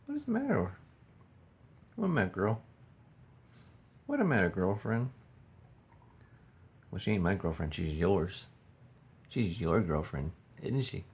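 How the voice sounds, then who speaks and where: A man's voice: fairly low pitch, a little hiss or hum. A man filming a casual home vlog on his phone, rambling and correcting himself as he talks and coos to his birds. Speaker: pet owner vlogger. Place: home room. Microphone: phone camera. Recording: dull lo-fi phone audio.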